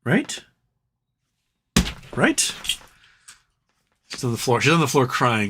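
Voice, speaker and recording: A man's voice: mid-range voice, very animated, slow, long pauses, fairly bright tone, a little hiss or hum. Man, livestream host, casual chat, joking, profane, repetitive riffs. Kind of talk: casual livestream chat reading viewer comments.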